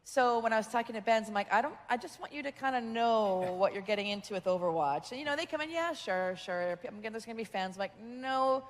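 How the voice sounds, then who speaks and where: A woman's voice: on the high side, expressive, fast, few pauses. A woman directing voices, hosting a casual panel chat with lots of laughing and teasing. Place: convention hall stage. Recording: long reverb from a convention hall stage.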